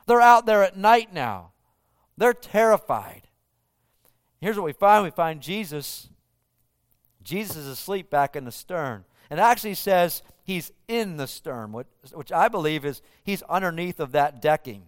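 A man's voice: high-pitched, lively intonation, measured pace, no room sound, studio quality. A man preaching a sermon, retelling a scripture scene with vivid storytelling. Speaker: pastor.

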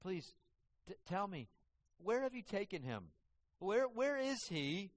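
A woman's voice: lowish voice, animated, moderate pace, pitched above the performer's own voice. A man voicing a grieving young woman who pleads and asks where Jesus has been taken, heard with long hall reverb. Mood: pleading. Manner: pleading, questioning.

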